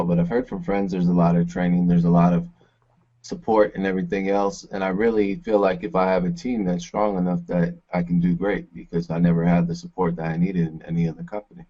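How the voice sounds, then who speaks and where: A man's voice: low-pitched, steady tone, fairly quick, lo-fi sound. A man taking part in a sales role-play, talking hesitantly with many fillers.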